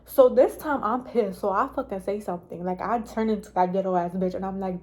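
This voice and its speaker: A woman's voice: mid-range voice, fairly quick, few pauses, darkish tone. A young woman telling a casual storytime vlog, rambling and swearing, with lots of "like". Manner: rambling, profane, heavy use of "like". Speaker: vlogger.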